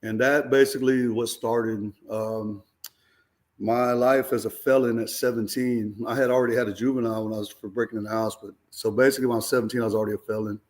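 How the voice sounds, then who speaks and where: A man telling his own story in a casual, animated way and acting out the voices of the people in it. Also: on the low side. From Houston, Texas area. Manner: animated, acts out quoted voices. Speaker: guest giving a testimony.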